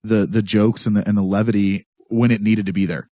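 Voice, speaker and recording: A man's voice: on the low side, steady tone, brisk, dark tone, dry recording, studio quality. A man co-hosting a casual podcast, blunt and stammering, swearing casually. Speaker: podcast co-host. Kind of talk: casual episode discussion.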